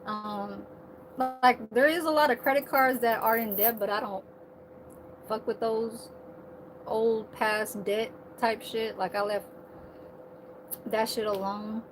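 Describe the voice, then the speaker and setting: A woman's voice: fairly high pitch, steady tone, takes it slowly, long pauses, background noise. A woman vlogging in a casual, rambling monologue, swearing freely and laughing at her own asides about working as a server. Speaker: server at a senior living community.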